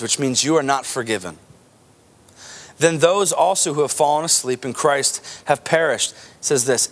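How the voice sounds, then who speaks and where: A man preaching a sermon as pastor, emphatic, often repeating words as he builds to a point. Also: fairly bright tone. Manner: emphatic, rising to high intensity at key points.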